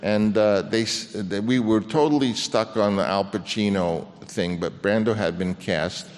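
Older man telling stories in a reverberant hall. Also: fairly low pitch. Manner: halting, many restarts, acts out quoted voices. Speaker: film director guest. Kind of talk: anecdotal storytelling on stage.

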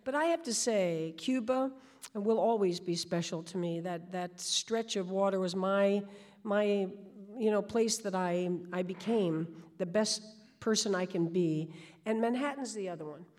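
A woman, telling stories as a guest in an animated way and often restarting her sentences. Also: mid-range voice, measured pace. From New York. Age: 60s. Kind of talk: storytelling.

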